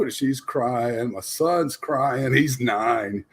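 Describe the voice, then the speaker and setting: A man's voice: medium pitch, drawn-out words, slightly rough. A man telling funny family stories on a talk panel, laughing as he goes. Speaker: panelist parent. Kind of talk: casual storytelling.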